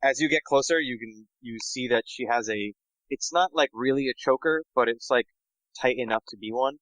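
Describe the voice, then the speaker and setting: Brief: male player, mid-pitched, casual halting narration. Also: a bit bright, dry recording, low-quality recording. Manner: casual, halting, with many fillers. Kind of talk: tabletop game play.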